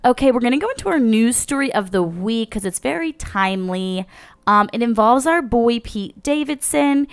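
A woman's voice: mid-range voice, smooth. A young woman co-hosting a podcast in casual chat, loose and profane with lots of fillers. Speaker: podcast co-host.

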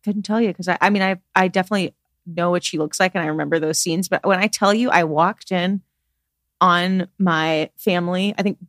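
A woman's voice: on the low side, steady tone, brisk, dry recording, studio quality. A woman co-hosting a casual podcast chat, earnest and emotional, gushing about her friend and the show. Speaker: podcast co-host.

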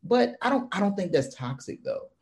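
Man, northern US accent, lively pitch swings, teasing, casual podcast banter. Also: normal speed. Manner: teasing, animated. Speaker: podcast co-host. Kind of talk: casual chat.

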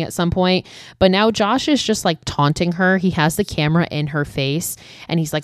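A woman with a notably low voice chats her way through a story. Her talk is loose and full of "like" and swearing, recorded dry and close with no room sound. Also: moderate pace, dry recording. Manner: chatty, heavy use of "like" and frequent swearing. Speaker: vlogger recapping a horror film. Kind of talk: casual storytelling recap.

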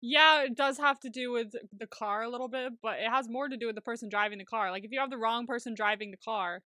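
A woman's voice: fairly high pitch, fast talker, pushed and bright, dry recording, studio quality. A woman co-hosting a podcast recap, chatting casually, giggling often and swearing freely. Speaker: podcast co-host.

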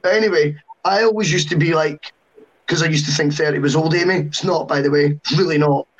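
A man on a football podcast, giving long, animated opinions with self-mocking asides. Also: on the high side, a little fast. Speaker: podcast panelist. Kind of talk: casual football podcast chat. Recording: dull lo-fi sound.

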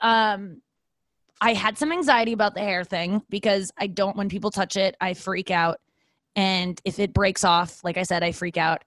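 A woman's voice: mid-range voice, dry recording. A woman hosting a casual solo podcast from home, chatty and self-deprecating, rambling with many fillers and acted-out asides. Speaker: podcast host. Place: home, talking to her dog.

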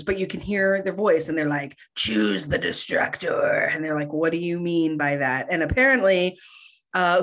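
A woman's voice: mid-range voice, a bit bright. A woman casually recapping a movie on a podcast, chatty, with frequent laughs and lots of fillers.

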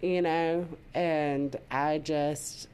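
A woman's voice: sits low, steady tone, very slow, darkish tone, a little hiss or hum. A woman, co-hosting a casual podcast chat and laughing often. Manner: laughs often, drawls "y'all". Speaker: podcast co-host.

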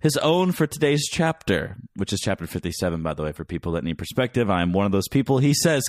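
Low-voiced joking man co-hosting a podcast. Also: very animated, quick pace, hardly any pauses, dry recording, studio quality. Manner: jokey, spells out words, laughs often. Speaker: podcast co-host. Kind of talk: casual chat.

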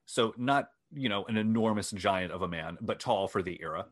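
A man's voice: on the low side, moderate pace. A man hosting a chat show, telling a story in a wry, self-deprecating way and sometimes reading from his notes. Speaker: podcast host.

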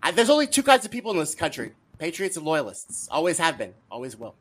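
A man with a slightly raised pitch joins a political podcast as a guest. He talks casually but argues his points firmly, with a teasing edge. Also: wildly swooping pitch, quick pace, slight background noise. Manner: teasing, argumentative.

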